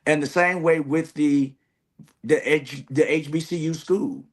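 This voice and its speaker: A man's voice: fairly high pitch, fairly even intonation, a little slow. A man who is a graduating seminary student, speaking in an earnest, reflective way with many "you know" fillers. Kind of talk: reflective conversation.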